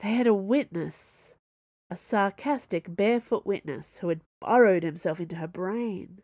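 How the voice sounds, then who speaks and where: A woman narrating a romance novel in a measured, expressive reading. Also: on the low side, dry recording, lo-fi sound. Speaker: audiobook narrator. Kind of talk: scripted narration.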